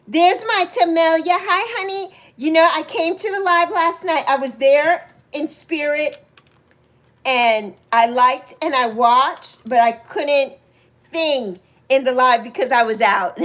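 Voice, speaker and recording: High-voiced chatty woman in her sixties. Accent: New York. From New York. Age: 60s. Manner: chatty, teasing, laughs often. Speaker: livestream host. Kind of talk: casual livestream chat to viewers.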